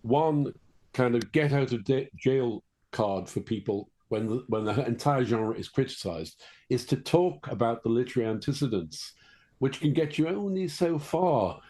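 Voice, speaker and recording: A man's voice: medium pitch, animated, normal speed, warm tone. An older man, a guest author talking at length in a podcast interview, wordy and self-correcting, with dry asides. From England.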